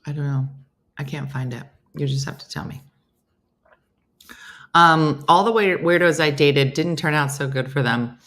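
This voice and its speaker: Low-pitched woman, middle-aged, chatty comedian host, storytelling. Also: normal speed, long pauses. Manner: chatty storyteller, quoting others in lively voices. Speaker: comedian hosting a live morning show. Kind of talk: casual chat reading viewer comments.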